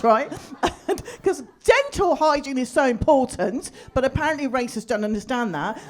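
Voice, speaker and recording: A woman's voice: high voice, sing-song, moderate pace, hardly any pauses, a little mellow. A woman performing a stand-up comedy set at a live venue, chatty and teasing the crowd with rhetorical asides.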